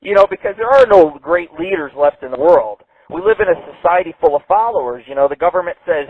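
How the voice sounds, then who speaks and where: A man's voice: a little high, expressive, brisk, hardly any pauses, husky. A man hosting an internet radio show, ranting brashly and swearing a lot. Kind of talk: profane call-in radio rant. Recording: tinny phone-like dry sound.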